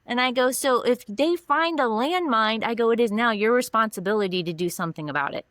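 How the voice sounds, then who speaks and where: A woman's voice: fairly high pitch, a little fast, a bit bright, no echo. A woman counselor being interviewed on a podcast, explaining earnestly with examples from her own life. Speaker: mental health counselor.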